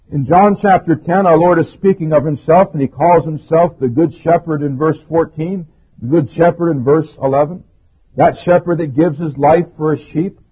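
A man delivers a sermon in a fairly high, husky voice, pressing hard on the verses he quotes. The sound is thin and narrow, like a phone line. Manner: emphatic, rising to stressed quoted verses. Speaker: preacher. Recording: tinny phone-like recording.

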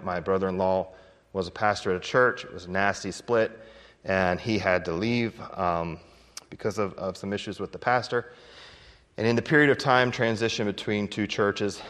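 A man preaching a sermon as a pastor, telling folksy stories with chuckles and emphatic swings in loudness. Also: low-pitched, long reverb tail.

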